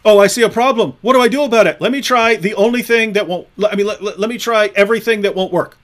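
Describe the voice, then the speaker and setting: Sarcastic male co-host of an online discussion, talks mockingly in a fairly high voice. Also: fast talker, fairly bright tone.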